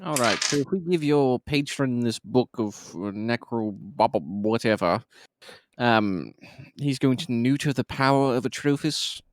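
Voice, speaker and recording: A man playing in a tabletop game, asking skeptical, quick questions in character. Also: mid-range voice, animated. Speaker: player.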